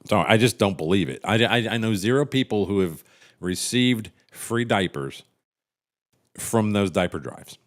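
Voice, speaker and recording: A man's voice: fairly low pitch, animated, measured pace. A middle-aged man hosting a casual livestream, rambling and cynical, swearing freely and restarting his sentences as he reads chat. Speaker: livestream host reading chat.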